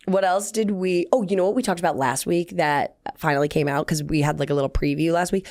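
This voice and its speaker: A woman in her twenties co-hosting a sports podcast, chatty and laughing, with a slightly hoarse voice. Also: low voice, quick pace, hardly any pauses, darkish tone. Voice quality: slightly hoarse, throat-clearing. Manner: chatty, laughing, rambling asides. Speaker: podcast co-host. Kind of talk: casual chat.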